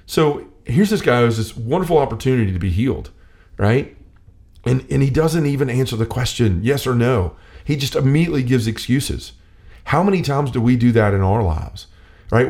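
A man's voice: medium pitch, lively intonation, moderate pace, a little mellow. A man leading a casual faith discussion, earnest and personal, who often restarts his sentences and acts out the lines he quotes.

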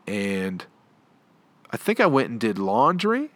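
A man's voice: medium pitch, very animated, brisk, a bit bright, dry recording. A young adult man on a comedy podcast, telling a long story in a rambling, profane, laid-back way. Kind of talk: storytelling monologue.

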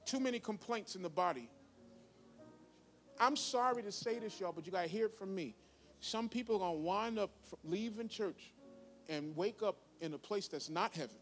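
A man in his fifties preaching a sermon as pastor, swinging between loud, high bursts and quiet conversational asides. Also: moderate pace, faint music behind. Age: 50s.

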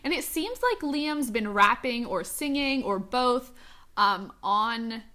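A woman's voice: a little high, takes it slowly, pushed and bright. A young woman hosting a casual fan podcast, chatty and full of fillers. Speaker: host.

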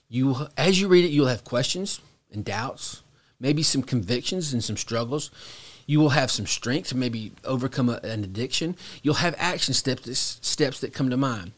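A middle-aged man, a pastor, teaching on a devotional podcast in a slow, reflective and earnest way, dropping to a soft hush at pauses. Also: mid-range voice.

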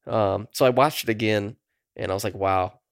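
A man's voice: lowish voice, fairly quick, gravelly, dry recording. Laid-back male podcast co-host, dry sound. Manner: laid-back, swears casually. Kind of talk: casual chat.

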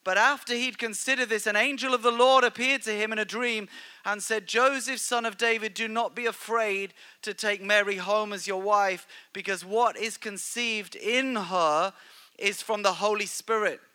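A middle-aged male pastor preaching a sermon in a church, animated and joking, with stammered restarts. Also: high-pitched, normal speed, clear, resonant tone.

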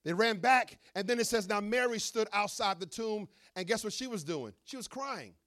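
A middle-aged man, a pastor, preaching an animated sermon with humorous asides to his congregation. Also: high-pitched, moderate pace.

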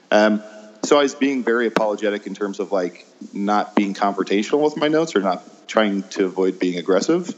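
Hesitant man, lowish voice. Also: expressive, fairly quick. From American Midwest. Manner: hesitant, many ums, laughs at himself. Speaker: improv teacher and guest. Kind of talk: casual interview chat. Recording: dull lo-fi sound.

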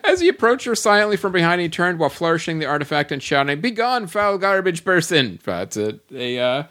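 A man's voice: fairly high pitch, animated, fast, fairly bright tone. A man hosting a podcast, reading listener comments aloud in a mock-grand way and often breaking into laughter. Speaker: podcast host.

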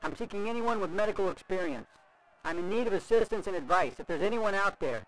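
A man's voice: high voice, animated, fast talker, fairly bright tone, slight background noise, poor audio. A man playing an anxious stranded man pleading over a radio for medical help in an audio drama. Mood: urgent. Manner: urgent, pleading.

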